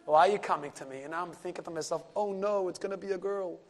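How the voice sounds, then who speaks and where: Rabbi, lively storyteller, somewhat high voice, hushes for the punchline. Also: male voice, quick pace. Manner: animated storyteller, sprinkles Yiddish and Hebrew words, drops to a hush for key moments. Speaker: rabbi and lecturer. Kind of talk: storytelling Torah class.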